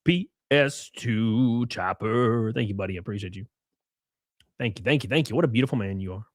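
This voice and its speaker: A man's voice: lowish voice, rapid-fire, slightly rough, no room sound, clean studio sound. A young man hosting a casual live stream, mocking and sarcastic, swearing freely and thanking viewers for gifted subs.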